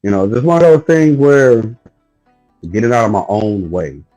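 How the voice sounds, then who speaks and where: A man hosting a podcast in relaxed casual chat, rambling and saying "you know" a lot. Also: medium pitch, moderate pace, soft background music, rough recording. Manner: laid-back, rambling, with lots of "you know". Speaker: podcast host.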